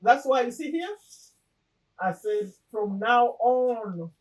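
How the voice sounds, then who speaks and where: A woman's voice: fairly high pitch, expressive. Earnest middle-aged woman, slightly distant. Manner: earnest, reflective, with pauses and restarts. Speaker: vlogger sharing her vision board. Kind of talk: casual personal talk to camera.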